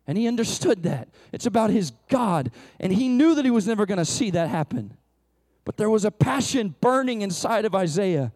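Male pastor preaching, impassioned, lively pitch, repeats himself as he builds. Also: moderate pace. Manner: impassioned, with frequent restarts and repetitions. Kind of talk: sermon.

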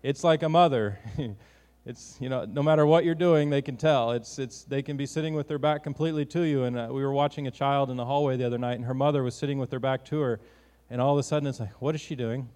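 A man's voice: mid-range voice, steady tone, fast talker, darkish tone, in a large hall. A man preaching a sermon in an earnest, conversational way, often restarting his sentences.

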